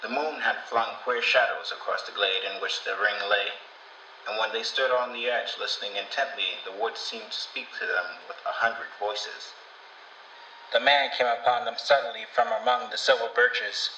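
A man calmly narrating a storybook in an even storytelling manner. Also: mid-range voice, moderate pace, slight background noise. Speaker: storybook reader. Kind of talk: scripted narration. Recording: roomy, distant, dull sound.

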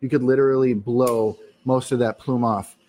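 A man co-hosting a casual talk show, explaining in a relaxed, matter-of-fact way. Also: mid-range voice, normal speed. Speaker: podcast co-host. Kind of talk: casual chat.

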